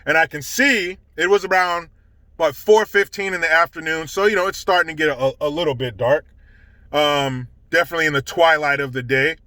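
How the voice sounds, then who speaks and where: A man's voice: a little high, a little fast, pushed and bright, dry recording. A man telling a casual story to camera, indignant and swearing heavily. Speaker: storytelling vlogger.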